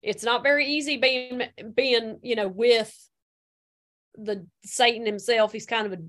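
A woman's voice: fairly high pitch, fairly even intonation, unhurried, fairly bright tone. The devil's weepy stepmother. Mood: deflated. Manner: folksy, says y'all, rambling and overwrought. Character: the devil's emotional, put-upon female stepmother. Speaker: guest character. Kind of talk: improvised comedy podcast.

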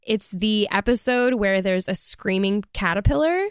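A woman's voice: medium pitch, animated, moderate pace, smooth, no room sound, clean studio sound. A woman in casual podcast chat, frank and opinionated about what she dislikes. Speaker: podcast panelist.

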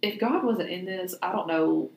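A woman's voice: on the low side, normal speed, creaky, echoey room, slight background noise, low-quality recording. A woman, co-hosting a faith podcast in a chatty, laughing, often sarcastic way. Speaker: podcast co-host. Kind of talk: casual faith podcast chat.

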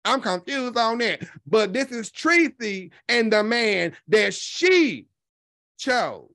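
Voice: medium pitch, no room sound, studio quality. Sassy, foul-mouthed commentary vlogger. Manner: sassy, animated, swears constantly, drawn-out emphasis. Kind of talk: profane gossip commentary.

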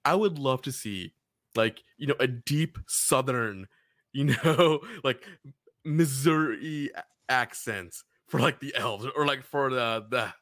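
A man's voice: mid-range voice, takes it slowly, no room sound, studio quality. A man co-hosting a podcast in casual chat, joking and often laughing as he talks. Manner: laughing, joking, lively banter. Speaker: podcast co-host.

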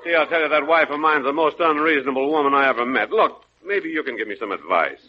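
A man's voice: mid-range voice, expressive, quick pace, a faint crowd. A man in a 1940s radio comedy, talking with bluster and then turning meek and cooing. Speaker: comic advice guest. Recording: dull lo-fi old radio recording with faint hiss.

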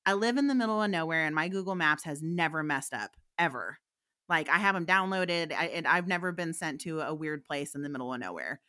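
Low-voiced woman telling a candid story. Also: animated, fairly quick, sharp tone. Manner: candid, chatty, laughs often while telling the story. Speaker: psychic medium guest. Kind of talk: casual anecdotal storytelling.

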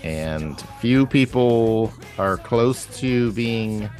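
A man's voice: medium pitch, animated, very slow, darkish tone, soft background music. A man co-hosting a sports podcast in a laid-back, slangy way. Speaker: podcast co-host. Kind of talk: casual sports chat.

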